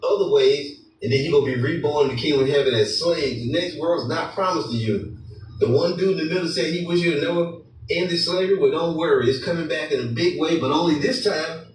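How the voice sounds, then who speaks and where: A man preaching a combative, mocking sermon, switching to slow, solemn scripture reading. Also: fairly high pitch. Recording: very echoey room, voice far from mic, faint noise.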